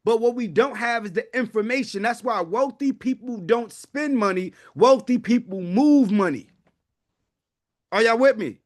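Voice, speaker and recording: At normal speed and with an extremely high pitch, a man hosts a live online wealth class meant to sell. His delivery is fervent and sermon-like, and he keeps calling out to the people watching.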